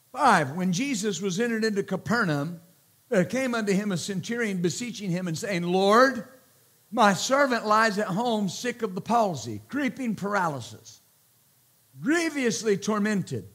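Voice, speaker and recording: A man preaching a sermon as pastor, slow and emphatic, repeating words and calling out praise between points. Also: high voice, animated, fairly bright tone.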